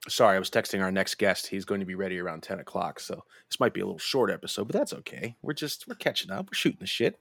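Young man, podcast host, low voice, dry close sound, swears freely, rambles, laughs through his stories. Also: vocal fry, no room sound. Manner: rambling, profane, laughing, restarts often. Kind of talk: casual storytelling chat.

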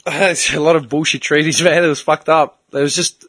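A man's voice: fairly high pitch, steady tone, brisk, a bit bright, dry recording. A young man in casual chat with friends, telling a long rambling story with lots of swearing and filler words. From Australia.

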